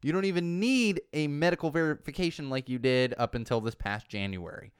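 Podcast host, man, chatty sarcastic ranter, smooth clear voice. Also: on the high side, fairly quick, few pauses, no echo, clean studio sound. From California. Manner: animated, sarcastic, rambling with many asides. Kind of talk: casual podcast rant.

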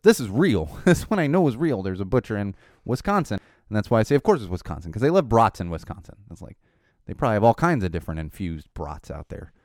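A middle-aged man hosting a podcast, rambling casually with lots of fillers, his voice a little hoarse and tired. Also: medium pitch, dry recording, clean studio sound. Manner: rambling, animated, frequent "uh" fillers. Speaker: podcast host. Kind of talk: casual solo chat.

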